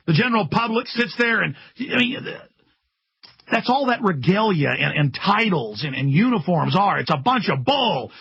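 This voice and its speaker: Angry radio host guy yelling his rant, bright tense raspy voice, dry sound. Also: high voice, sing-song, moderate pace, dry recording. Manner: furious ranting, building to shouts; stammering when overwhelmed. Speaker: radio talk show host. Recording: dull lo-fi radio broadcast.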